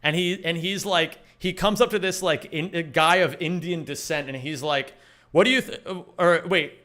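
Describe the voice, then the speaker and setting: A man's voice: a little high, fairly even intonation, moderate pace, pushed and bright. A young man live-streaming a game, chatting casually and rambling, swearing often and reading chat aloud.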